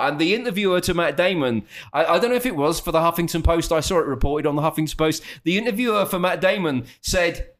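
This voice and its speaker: A man co-hosting a podcast in casual comedic chat, rambling and animated, who often drops into quick voices for jokes. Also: on the high side. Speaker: podcast co-host.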